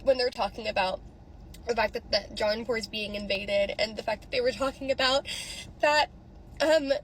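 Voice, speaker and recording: A social media creator records a casual vlog reaction on her phone near a theater, rambling, swearing and in tears. Her somewhat high, slightly bright voice keeps a moderate pace, and the rough recording has a faint hiss or hum.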